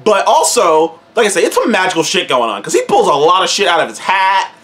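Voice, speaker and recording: Young man, high-pitched, lively, swears a lot, laughs often, casual movie review. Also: a little fast. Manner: profane, laughing, repeats words, slangy. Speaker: movie reviewer and show host.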